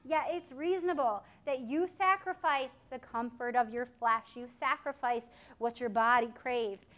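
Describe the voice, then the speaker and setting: A woman preaching a sermon in an animated way, acting out voices and laughing often. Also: a little high, a little slow.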